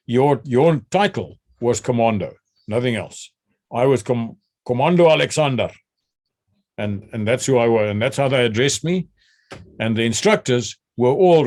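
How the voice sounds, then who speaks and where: An older man from South Africa, a retired general telling stories from his military training, often repeating words as he starts and acting out shouted drill calls. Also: mid-range voice, expressive, moderate pace, no echo, clean studio sound. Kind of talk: recounting memories.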